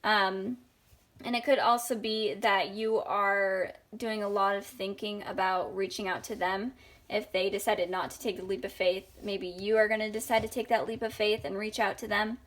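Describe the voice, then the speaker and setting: A young woman giving a casual tarot reading, talking in a rambling, chatty way with many pauses and fillers. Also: medium pitch, level tone, a bit bright. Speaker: tarot reader.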